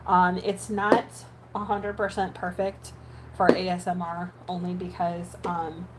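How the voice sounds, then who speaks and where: A woman's voice: on the low side, little pitch movement, unhurried, heavy background noise. A woman who makes ASMR videos chatting casually while editing, rambling with many fillers and restarts. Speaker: ASMR creator.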